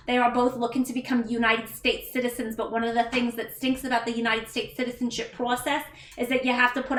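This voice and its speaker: A woman's voice: a little high, a bit bright, far from the mic. A woman livestreaming while she cooks at home, chatting casually with viewers, thanking them by name and making self-deprecating asides. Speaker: livestreamer and mother. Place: home kitchen. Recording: echoey room, voice a bit off-mic.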